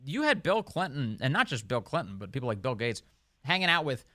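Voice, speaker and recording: A male radio talk show host interviewing a guest, conversational and quick to react and prompt. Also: medium pitch, very animated, bright, forceful tone, no room sound.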